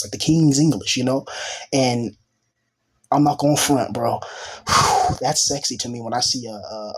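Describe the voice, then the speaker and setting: A man in a loose, rambling monologue, speaking like an informal preacher who jumps from thought to thought. His voice sits at an ordinary male pitch with a husky, slightly rough texture. He fills the gaps with casual asides and restarts. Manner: rambling, full of "you know" and "bro" asides. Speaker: self-styled teacher and preacher.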